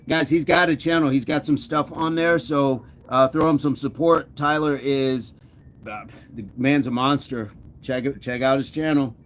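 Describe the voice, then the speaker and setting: In a slightly high, fairly bright voice, a man chats with viewers on his fitness livestream, trading playful teasing and replying to messages from chat.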